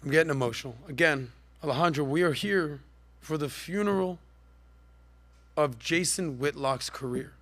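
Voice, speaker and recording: Bright-voiced sarcastic podcast host man. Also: measured pace, pauses often, dry recording. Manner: sarcastic, animated, jumps up in pitch for jabs. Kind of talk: mocking commentary.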